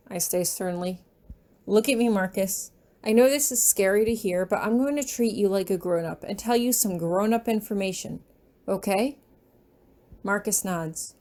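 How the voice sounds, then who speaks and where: A woman reading her fan fiction aloud in a gentle, unhurried storytelling manner. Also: medium pitch, a little hiss or hum.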